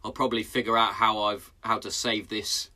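A man's voice: lowish voice, level tone, moderate pace, bright, forceful tone. A man in his thirties hosting a casual podcast from his garden shed, blunt and sweary in his banter. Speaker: podcast host. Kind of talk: casual chat.

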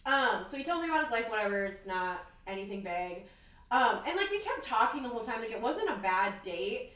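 A woman's voice: fairly high pitch, very animated, a little fast, a bit bright, echoey room, far from the mic, poor audio. A young woman co-hosting a podcast, telling a date story in casual chat and acting out both sides of the conversation. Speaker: podcast co-host.

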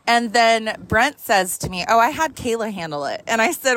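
A woman in her thirties, a mother, telling a story in a casual, animated way, swearing freely and laughing often, talking while driving her car. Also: a little high, moderate pace, no room sound.

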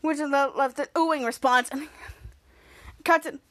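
Woman podcast host with a high voice, casual and halting as she narrates scene by scene. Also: fairly even intonation, a bit bright. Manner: halting, repeats words and restarts while narrating scenes. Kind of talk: casual episode recap.

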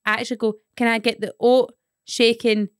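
Glasgow woman, podcast chat, fairly high voice, dry close mic, blunt. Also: flat delivery, a little fast, clear, resonant tone, no echo. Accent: Glaswegian. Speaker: podcast co-host. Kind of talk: casual chat.

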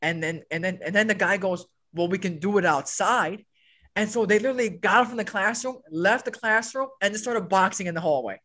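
High-voiced and fast-talking, with hardly any pauses, a young adult man tells a story on a podcast he co-hosts with old school friends. The chat is casual; he's animated, swears freely, and acts out what other people said.

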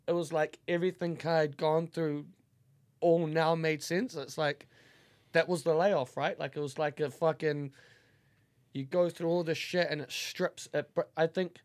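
A New man chatting as a podcast guest, his voice sitting a little higher than most men's. He rambles with feeling, swears freely and pads his talk with fillers. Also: steady tone, unhurried. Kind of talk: casual podcast chat.

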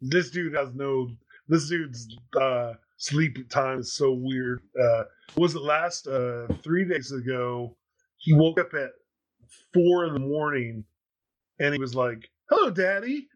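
A man's voice: medium pitch, slow pace, lo-fi sound. A man in his thirties hosting a podcast, telling a rambling story in casual chat with plenty of fillers. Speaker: podcast host.

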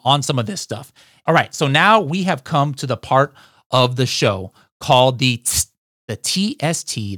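A man's voice: mid-range voice, no echo. Guy hosting a podcast, upbeat and chatty, keeps saying all right, dry mic. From United States. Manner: energetic, addresses listeners as guys, frequent "all right?". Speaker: podcast host. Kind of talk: instructional podcast talk.

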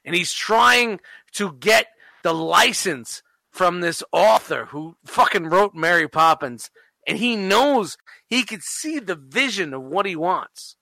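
A man co-hosting a podcast, talking loosely and swearing all the time, in a fairly high, bright voice. The sound is dry and close on the mic, with no room around it. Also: lively intonation, slow pace, vocal fry, no room sound. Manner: profane, rambling, emphatic. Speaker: podcast co-host. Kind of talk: casual podcast chat.

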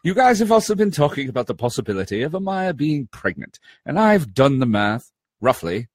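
Jokey podcast co-host, husky lively man. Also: medium pitch, fairly quick, no echo, studio quality. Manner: jokey, laughing banter. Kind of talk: casual chat, reading listener mail.

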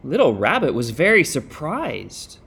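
Expressive man reading a children's story. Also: on the high side, vocal fry, slightly rough. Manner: expressive, unhurried. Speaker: reader. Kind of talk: children's story read-aloud.

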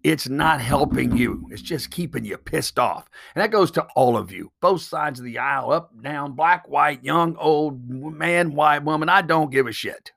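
A man's voice: fairly high pitch, a little slow, creaky, few pauses, a bit bright. A man hosting a solo podcast, talking bluntly and emphatically, swearing freely and firing off rhetorical questions. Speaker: podcast host.

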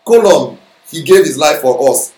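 A man's voice: fairly high pitch, animated, normal speed, a little mellow, echoey room, low-quality recording. A man teaching a Bible lesson in a sermon style, explaining step by step and often checking that listeners follow.

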